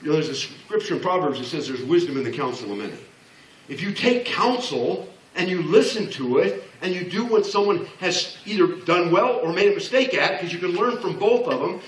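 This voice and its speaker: A brisk, animated man whose voice sits high, he's in his sixties and addressing an audience in a large hall. His motivational business talk is blunt and funny, with quoted voices acted out. Recorded in an echoey space with him well away from the mic.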